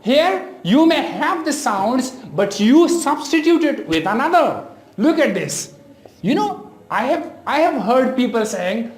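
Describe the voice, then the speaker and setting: A male teacher with a Pakistani English accent explains pronunciation patiently, often restarting with fillers. His pitch swings widely as he talks. The room has a noticeable echo. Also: sing-song, a little slow. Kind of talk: classroom lecture. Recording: echoey room.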